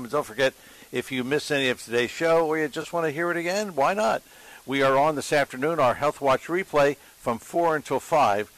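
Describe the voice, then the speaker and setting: A man's voice: mid-range voice, fairly quick, a bit bright, no room sound, rough recording. A man hosting a radio health show and reading out an upbeat sign-off. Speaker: radio host.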